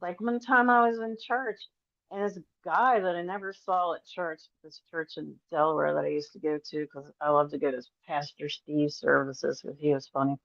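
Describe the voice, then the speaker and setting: A middle-aged woman, a podcast guest, telling rambling, animated stories and acting out the voices of the people in them. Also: low voice, moderate pace, creaky, dry recording. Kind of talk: casual storytelling interview. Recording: dry, slightly dull audio.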